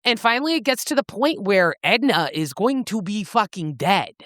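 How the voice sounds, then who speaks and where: A woman's voice: medium pitch, moderate pace, dry recording, studio quality. A woman co-hosting a book podcast, recapping a novel in casual chat, swearing freely as she goes. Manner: animated, swears freely, acts out characters' lines.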